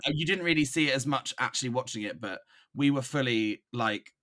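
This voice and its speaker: A man from Brighton with an English accent, a guest on a podcast, chatting casually with hesitant pauses and playful teasing. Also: medium pitch. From Brighton, England. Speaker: guest drag performer.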